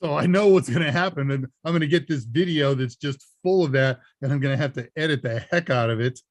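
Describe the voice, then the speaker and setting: On a casual livestream tech Q&A, a man serving as host and senior instructor chats and rambles, dropping chuckling asides. His voice is medium-pitched and fast, recorded dry.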